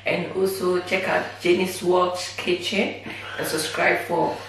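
A woman's voice: lowish voice, little pitch movement, a little slow, slight background noise. A woman hosting a food vlog, chatting casually to the camera, teasing and laughing often. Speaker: mukbang vlogger. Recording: echoey room from a distance.

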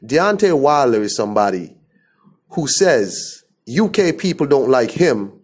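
A man's voice: medium pitch, big pitch swings, a little slow, breathy edge. A man from the Caribbean giving a blunt, scornful opinion rant to camera. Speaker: commentator.

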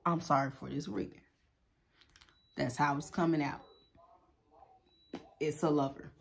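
A woman's voice: deep voice, fairly even intonation, measured pace, creaky. A woman giving a casual tarot reading, talking bluntly and profanely in a loose, chatty way. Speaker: tarot reader.

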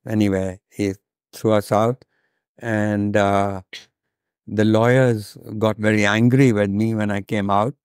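Older man from India, author at a talk; slow, deliberate storyteller, dry close sound. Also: on the low side, flat delivery, darkish tone, smooth, dry recording. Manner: slow, deliberate, acts out quoted dialogue.

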